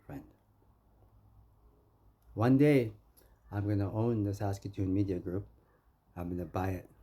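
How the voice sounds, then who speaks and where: Man from canada ranting at someone, keeps saying friend, very mellow and a bit husky. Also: sits low. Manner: confrontational, rambling, keeps calling the listener "friend". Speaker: vlogger. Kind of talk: ranting monologue.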